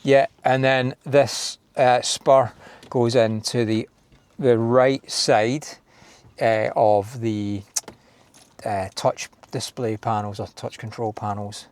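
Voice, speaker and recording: A man's voice: mid-range voice, steady tone, takes it slowly, darkish tone, no echo. A Scottish man hosting a do-it-yourself car video, talking casually and poking fun at himself as he works inside a parked car. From Scotland. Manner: chatty, self-deprecating, thinking aloud while working. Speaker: car DIY video host. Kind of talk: casual install walkthrough.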